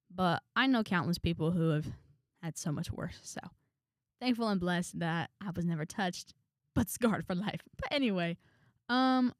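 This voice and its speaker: A young woman vlogger telling a story to camera in a casual, animated way, with dramatic quoted asides. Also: fairly low pitch, no room sound, studio quality. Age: young adult.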